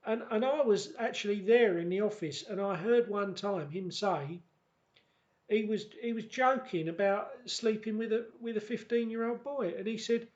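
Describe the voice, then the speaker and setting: High-voiced man with a halting, repetitive delivery. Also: darkish tone, dull audio. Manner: halting, repeats words and restarts often. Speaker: vlogger. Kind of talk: casual reminiscing monologue.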